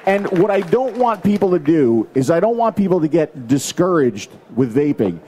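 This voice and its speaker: A man with an American accent whose voice sits on the high side yet sounds soft and mellow. He talks to a conference audience in a loose, emphatic way, circling back with fillers and repeated words. Picked up on a stage mic. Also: sing-song, moderate pace, slightly rough, a faint crowd. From United States. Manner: emphatic, rambling, many fillers. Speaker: conference panelist. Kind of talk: casual conference talk.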